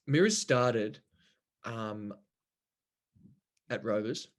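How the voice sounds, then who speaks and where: Young man, podcast guest; rambling, sweary, giggly storyteller, middle pitch. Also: animated, very slow. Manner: rambling, swears freely, laughs while telling stories. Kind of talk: casual storytelling chat.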